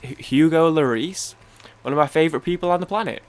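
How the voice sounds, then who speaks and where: A brisk young man with a voice on the high side, recorded with no echo, chats while gaming. The Manchester-born YouTuber rambles casually, swears, keeps interrupting himself, and lets his stories trail off partway.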